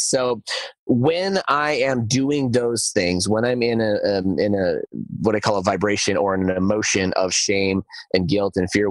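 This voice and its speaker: A man with a fairly low voice talks his way through a podcast episode in a relaxed, conversational way. He stumbles and restarts often and acts out quoted lines with shifting intonation. The recording is dry and close, with no room sound. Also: no echo. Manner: conversational, many fillers and restarts. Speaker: podcast host. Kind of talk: casual podcast talk.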